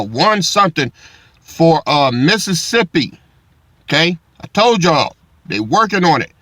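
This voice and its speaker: Male streamer, AAVE, fired-up profane commentary, bright forward tone, dead-dry sound. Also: a little high, no echo. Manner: loud, swearing, heated.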